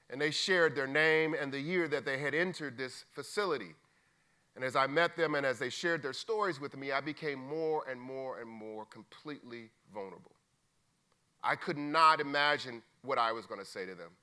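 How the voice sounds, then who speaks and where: Bright-voiced man telling a personal story. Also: medium pitch. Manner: informal, acts out dialogue, calls people "man" and "brother". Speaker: keynote speaker. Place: conference stage.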